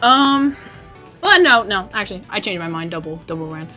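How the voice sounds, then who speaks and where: A woman's voice: medium pitch, animated, normal speed, pushed and bright, faint music behind. A woman narrating as dungeon master, rambling with fillers and self-corrections. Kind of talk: narrating a tabletop game.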